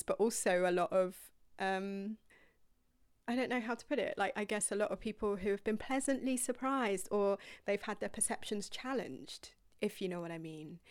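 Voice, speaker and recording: A woman talking candidly in a casual podcast monologue, with a mid-range voice. She rambles and laughs often, and breaks off for self-deprecating apologies. The sound is dry and close, with no room echo. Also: mid-range voice. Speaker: yoga teacher and coach.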